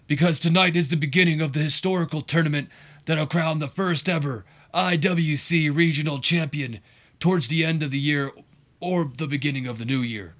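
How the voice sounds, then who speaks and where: A man's voice: fairly high pitch, moderate pace, fairly bright tone, voice pushed up, close to an everyday voice. A man voicing a pompous male wrestling promotion president, delivering a formal announcer-style promo. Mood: grandiose.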